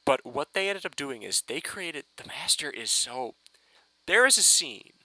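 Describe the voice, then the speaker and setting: A man ranting excitedly in a casual fan review, rambling and swearing with many restarts. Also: on the high side, unhurried, dry recording, rough recording.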